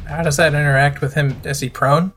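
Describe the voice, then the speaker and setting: A man's voice: a little high, steady tone, fairly quick, a bit bright, soft background music. A man playing a tabletop game who talks eagerly and trips over his own words. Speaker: player.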